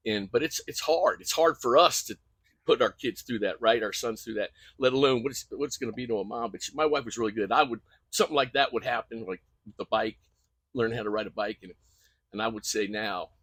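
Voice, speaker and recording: Older man, husky earnest coach. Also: mid-range voice, fairly quick, fairly bright tone, no echo. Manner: earnest, emphatic storytelling with repeated phrases. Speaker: guest coach. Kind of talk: conversational interview.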